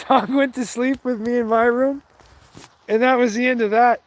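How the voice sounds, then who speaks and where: A man's voice: very high-pitched, steady tone, normal speed. A man telling a rambling, heated story with lots of swearing, in a casual, offhand way. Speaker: vlogger.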